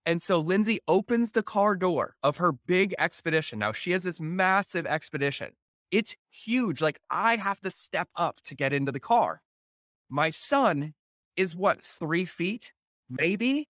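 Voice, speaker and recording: A man hosting a podcast, telling a family story in a casual, animated way and acting out the voices of his wife and son. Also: high-pitched, a little slow, no room sound. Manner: animated, acts out family dialogue with laughs. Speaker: podcast host.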